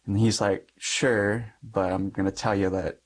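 A man's voice: fairly low pitch, little pitch movement, a little slow. A young adult man, a Catholic priest, giving a personal testimony in conversation, acting out the dialogue in his story with frequent light laughs.

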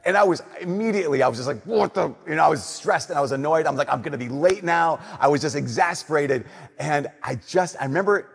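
Young priest, male, slightly high and husky, conversational sermon delivery with long church reverb. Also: fast. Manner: conversational preaching, playful then hushed and earnest. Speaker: Catholic priest.

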